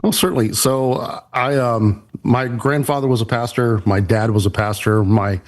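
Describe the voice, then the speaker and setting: A man's voice: mid-range voice, steady tone, normal speed. A middle-aged man, a church production pastor and podcast guest, telling easygoing stories and politely answering with "sir". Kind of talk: casual podcast interview.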